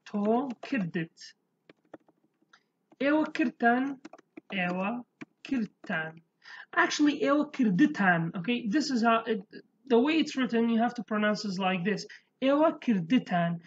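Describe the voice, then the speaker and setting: A woman teaching a casual language lesson over slides. She repeats words slowly and keeps checking in with "okay?". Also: fairly high pitch, muffled recording, a little hiss or hum.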